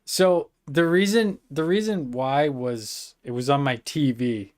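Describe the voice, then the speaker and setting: A young male streamer with a slightly high voice, cursing and exasperated as he complains out loud. His talk is loose and unscripted, full of slang and profanity. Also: a little slow. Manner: frustrated, swearing a lot, exasperated. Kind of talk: casual live-stream chat.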